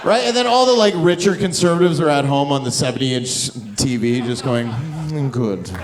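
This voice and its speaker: A man's voice: fairly high pitch, fairly even intonation, a little fast, rough recording. A man from Canada doing profane, brash stand-up comedy with crowd work on a club stage. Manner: brash, profane, shifts into mocking voices. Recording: live club recording with loud crowd and noise. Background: audience laughter and cheering.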